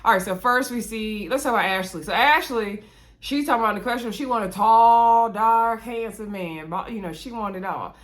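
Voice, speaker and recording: A woman giving a casual, chatty recap of a reality TV episode, full of sassy asides and big swings in pitch. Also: moderate pace.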